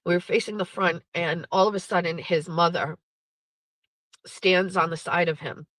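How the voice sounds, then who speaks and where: A woman's voice: lowish voice, steady tone, normal speed, fairly bright tone, no room sound, low-quality recording. A woman host in her thirties, candidly telling a personal story with blunt, profane, emotional language. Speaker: podcast host.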